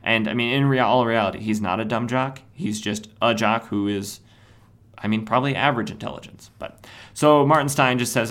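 A man's voice: mid-range voice, fairly quick, a bit bright. A man hosting a podcast, casually recapping a comic book, rambling and correcting himself as he goes. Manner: rambling, self-correcting, many fillers. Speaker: podcast host.

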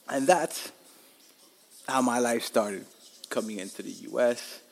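A man's voice: medium pitch, slow, gravelly. A man in his forties with a Miami accent, hosting a podcast and telling stories in a rambling, profane, frank way. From Miami, Florida. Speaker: podcast host. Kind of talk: casual storytelling monologue.

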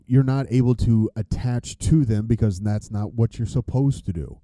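A man's voice: mid-range voice, mellow, no echo, studio quality. A man hosting a casual podcast chat, rambling, swearing freely and losing his train of thought. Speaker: podcast host.

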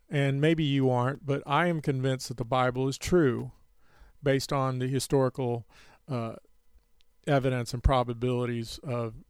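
Smooth-voiced man hosting a podcast. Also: mid-range voice, a little mellow, no room sound, clean studio sound. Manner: hesitant with many fillers, self-mocking. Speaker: podcast host. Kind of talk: casual podcast talk and Bible study.

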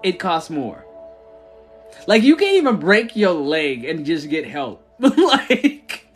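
A man's voice: on the high side, huge pitch swings, slow, fairly bright tone, faint music behind. A man who founded a church chats casually on a livestream, answering viewers with slangy talk and frequent laughter.

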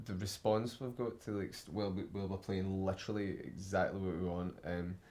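A man's voice: sits low, level tone, brisk, darkish tone. A young man, a band member chatting casually and laughing as he tells stories in an interview. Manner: laughing, chatty, acts out quotes.

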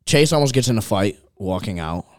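A young man hosting a casual chat, telling a rowdy night-out story in an animated, profane way and laughing along as he goes. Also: on the low side, a little fast, no echo, clean studio sound. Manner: animated, profane, laughs through his stories.

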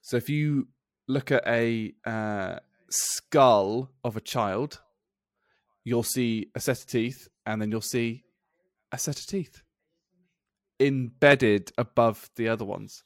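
A man's voice: mid-range voice, dry recording, clean studio sound. A man co-hosting a podcast, chatty as he reads out odd facts. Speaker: podcast co-host. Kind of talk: casual podcast chat. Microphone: podcast mic.

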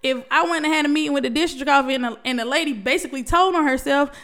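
An adult woman past college age, a vlogger, speaks to camera in a high, slightly bright voice at a racing pace. Her talk is emotional, preachy and motivational, and she calls her viewers baby and y'all while urging them to open up.

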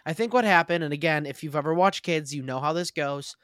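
A man's voice: fairly high pitch, fast talker, no room sound. A man co-hosting a sports podcast who jokes and laughs often. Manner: joking, laughing, animated. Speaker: podcast co-host. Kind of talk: casual sports podcast chat.

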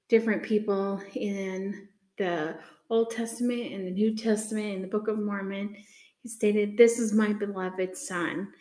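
Unhurried woman sharing a faith reflection, earnest and halting, middle pitch, roomy echo. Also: a little mellow. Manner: unhurried, earnest, many ums and pauses. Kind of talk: casual devotional talk with scripture reading. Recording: echoey room.

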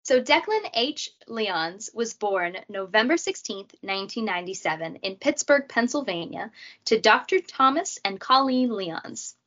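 A woman's voice: a little high, expressive, a little slow, fairly bright tone. A woman hosting a casual true crime podcast, chatty and jokey, with asides. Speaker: podcast host. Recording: dull lo-fi audio.

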